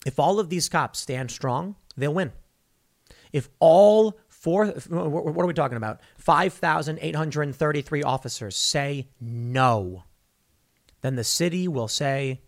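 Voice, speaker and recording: A man's voice: a little high, creaky. A man giving opinionated political commentary, emphatic, firing rhetorical questions and mocking the people he quotes.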